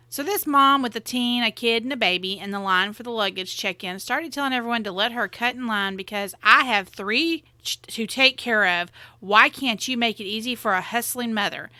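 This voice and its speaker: Woman narrator reading stories, bright, tense tone, dry close sound. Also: on the high side, normal speed, no room sound. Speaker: story narrator.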